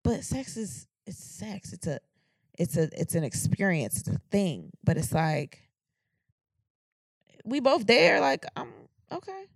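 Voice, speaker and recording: A woman's voice: mid-range voice, big pitch swings, vocal fry, no room sound, studio quality. A woman co-hosting a podcast, talking frankly and with plenty of swearing, often restarting her sentences in casual chat. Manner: frank, profane, halting restarts. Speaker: podcast co-host.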